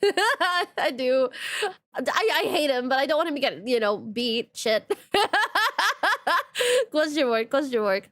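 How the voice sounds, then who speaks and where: A woman streaming a dating sim, reacting to the story and chatting with viewers in an animated, swearing way. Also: sits high, slow pace, long pauses, dry recording. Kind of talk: live game commentary reading a dating sim aloud.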